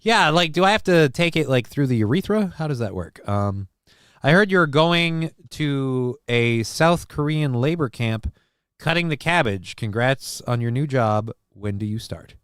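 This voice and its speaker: A man's voice: medium pitch, lively intonation, a little slow, a bit bright, clean tone, no room sound, studio quality. A man hosting a casual live-stream show, reading chat messages aloud and riffing on them in a crude, joking, rambling way.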